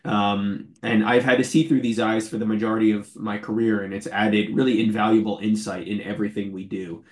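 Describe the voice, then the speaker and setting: A man's voice: on the low side, flat delivery, brisk, a little mellow. Man in his forties, losing his voice. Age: 40s. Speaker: invited lecturer. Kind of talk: academic talk over a video call. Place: office. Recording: roomy echo.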